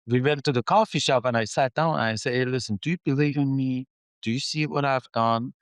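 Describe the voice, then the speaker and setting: A man's voice: medium pitch, brisk, clean tone, no room sound. A man, a mining company's chief executive, telling stories in a podcast interview, acting out the dialogue and using non-native phrasing. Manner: animated storyteller who acts out dialogue.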